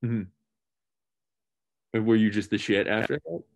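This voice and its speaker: A man's voice: lowish voice, measured pace, gravelly, no room sound. A young man in casual, profane, joking chat with a friend, laughing often.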